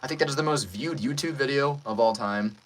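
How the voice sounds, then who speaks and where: A man who is a voice actor, chatting casually on a live stream in an animated way and laughing often. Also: medium pitch, fairly quick, rough recording.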